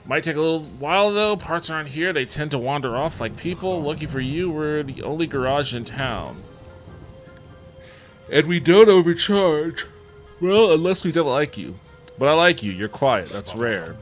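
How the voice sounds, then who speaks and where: A man's voice: medium pitch, pitched above the performer's own voice, natural voice. A man voicing a pushy small-town mechanic in a drifting mock French accent.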